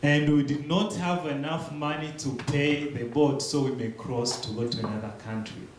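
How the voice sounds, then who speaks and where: A young man giving a church testimony, telling his story slowly and haltingly with pauses and restarts. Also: fairly high pitch, steady tone. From Democratic Republic of the Congo. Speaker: guest speaker. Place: large echoey church hall. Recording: very echoey room, faint hiss.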